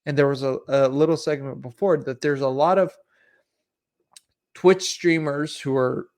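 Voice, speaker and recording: A man's voice: medium pitch, fairly even intonation, unhurried, a little mellow. A man hosting a casual livestream, ranting and swearing freely and laughing often. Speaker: host.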